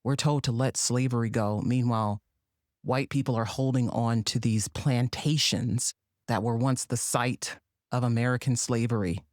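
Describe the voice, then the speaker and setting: A woman's voice: very deep voice, steady tone, normal speed, darkish tone, no room sound, clean studio sound. A woman hosting a commentary monologue, sassy and sarcastic in her delivery. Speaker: podcast host.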